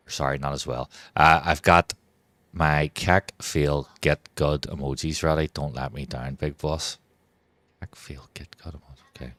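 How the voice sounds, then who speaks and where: A man's voice: a bass voice, a bit bright, no room sound. A man chatting casually on a live game stream, rambling and swearing freely while he talks to his chat.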